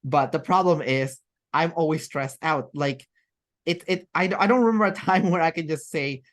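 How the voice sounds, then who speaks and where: A woman's voice: sits low, normal speed. A woman as an interview guest, talking in a rambling, chatty way with many fillers and restarts. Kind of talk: casual interview chat.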